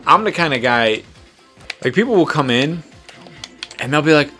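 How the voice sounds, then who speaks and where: A man's voice: a little high, animated, normal speed, sharp tone, soft background music. A man hosting a podcast, talking casually while he plays a fighting game, rambling and swearing with self-deprecating humor. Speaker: podcast host and tattoo artist.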